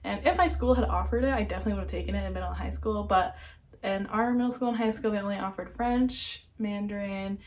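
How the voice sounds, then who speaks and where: A woman's voice: mid-range voice, fast. A young woman, talking candidly to camera in a casual vlog, with lots of filler words. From Vietnam, adopted to the United States. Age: young adult. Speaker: vlogger.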